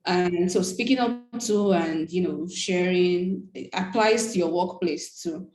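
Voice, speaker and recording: A woman's voice: on the low side, a little slow, a little mellow. A woman speaking on a panel in a casual, conversational way, dropping frequent "like" and "yeah" fillers. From Nigeria. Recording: roomy echo.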